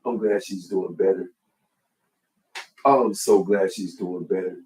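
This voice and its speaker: A man with a low, husky voice preaches in an earnest testimony style. He leans on repetition and emphatic rhythms. The sound is dry and close, with no room echo. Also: fairly even intonation, a little slow, warm tone. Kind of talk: impassioned spoken testimony.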